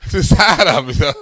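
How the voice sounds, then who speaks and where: With a fairly high, fairly bright voice, a young stand-up comedian tells his stories loosely and conversationally, checking in with "right?". The sound is dry.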